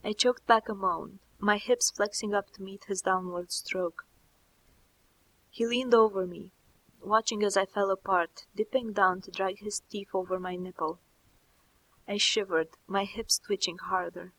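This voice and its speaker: A woman narrating a first-person story in a soft, slow, intimate reading. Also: medium pitch, fairly even intonation, poor audio. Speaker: audiobook narrator.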